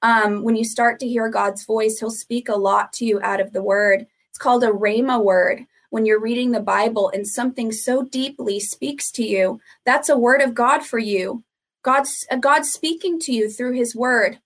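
A woman's voice: fairly high pitch, normal speed. A woman, a ministry founder guesting on a podcast, teaching earnestly and steadily, driving points home through repetition.

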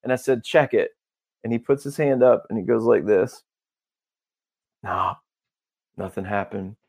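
Gravelly low-voiced man telling a story. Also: a little slow. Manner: animated, acts out dialogue, peppers talk with "bro" and "dude". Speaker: podcast guest. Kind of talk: casual storytelling.

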